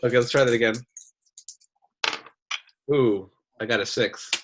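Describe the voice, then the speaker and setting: A man's voice: mid-range voice, a little slow, noisy background. A man playing a tabletop game, talking casually and laughing easily. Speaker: player.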